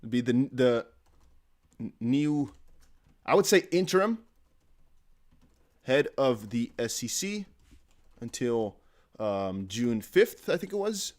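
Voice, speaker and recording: A man's voice: medium pitch, big pitch swings, slow pace, pauses often, darkish tone. Man, live-stream host, casual commentary, joking, rambling with fillers, mid-range voice. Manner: chatty and jokey, thinking aloud with many fillers. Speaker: crypto livestream host.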